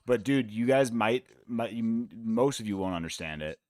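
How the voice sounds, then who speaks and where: Speaking at a normal pace in a lowish, slightly mellow and expressive voice, this US man rambles and swears casually while hosting a live fight watch-along. The recording is dry and of studio quality.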